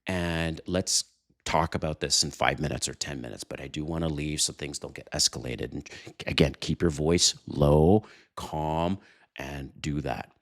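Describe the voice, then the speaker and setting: A man hosting a dating advice channel, talking casually and animatedly to viewers, telling quick stories and chuckling. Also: a bass voice. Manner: animated storytelling, chuckles, addresses viewers directly. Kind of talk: casual advice monologue to camera.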